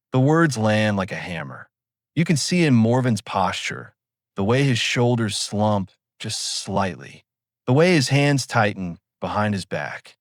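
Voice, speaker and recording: Calm cinematic male narrator, dry. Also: fairly low pitch, unhurried, dry recording. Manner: calm, dramatic.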